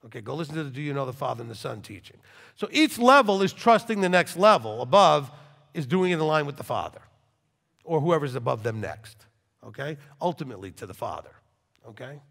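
A rabbi teaching Torah to a live class, acting out dialogues with big swings in loudness. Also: male voice, brisk, creaky. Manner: animated, acts out dialogues in wide swings of pitch and loudness. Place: hall with a live audience. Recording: long reverb in a hall.

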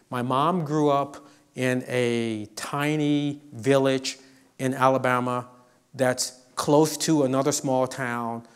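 A middle-aged man giving a humorous motivational university lecture, telling stories with lively delivery. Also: medium pitch. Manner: animated storyteller, acts out quotes. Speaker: professor giving a guest lecture.

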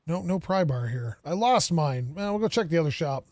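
A gaming streamer with a fairly high, animated voice and a darkish tone talks at a moderate pace in a clean studio recording with no room sound. He casually thinks aloud through his gameplay and jokes with the characters on screen.

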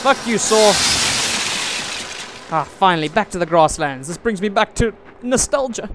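A man's voice: high-pitched, lively intonation, a little fast. Exasperated young man swearing at a game. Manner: exasperated, swears and shouts often. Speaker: gaming video host.

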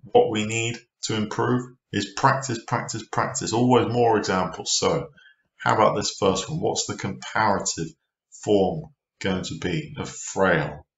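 A man teaching an online English grammar lesson, slow and patient, often asking the viewer questions. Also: on the low side, creaky, roomy sound, muffled recording.

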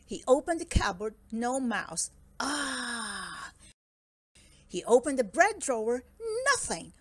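A woman reading a children's picture book aloud in a slow, expressive storytelling manner. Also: fairly high pitch, dry recording.

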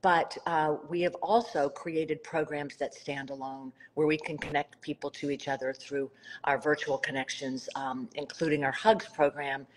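She talks at a moderate pace in a low, level voice, with slight background noise and poor audio. The middle-aged South Carolina nonprofit founder tells her heartfelt story warmly during an Instagram live conversation, marked by emphatic swells.

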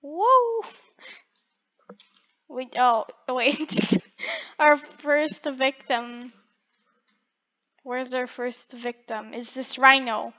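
A woman's voice: high-pitched, fairly even intonation, drawn-out words, sharp tone, highs cut off. A woman giving playful, teasing gameplay commentary with frequent giggles. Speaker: gaming video creator.

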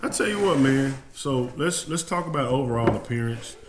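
A man's voice: medium pitch, animated, normal speed. A man hosting a fishing channel, tasting food on a casual vlog in a home kitchen. He talks in a folksy, emotional way and keeps calling his viewers y'all. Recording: roomy indoor sound with faint background noise.

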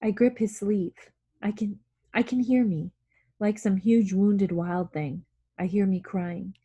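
Slow, husky woman reading aloud. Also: mid-range voice, fairly even intonation, mellow, highs cut off. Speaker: audiobook reader.

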